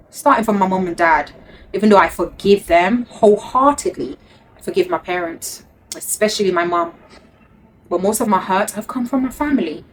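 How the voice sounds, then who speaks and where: A woman's voice: medium pitch, slight background noise. A woman, telling a heartfelt personal story to her viewers in an earnest way and repeating words for emphasis. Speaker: vlogger.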